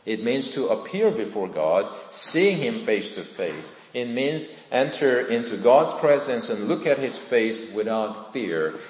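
A man preaching a sermon in church, earnest and deliberate, with emphatic rises on key points. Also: fairly low pitch, a little mellow. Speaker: pastor. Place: church sanctuary. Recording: echoey church hall.

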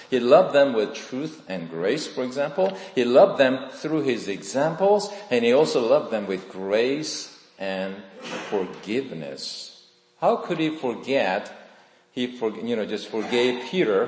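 A male pastor preaching a sermon, swinging between loud, emphatic lines and soft, hushed ones. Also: mid-range voice. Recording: echoey hall with long reverb.

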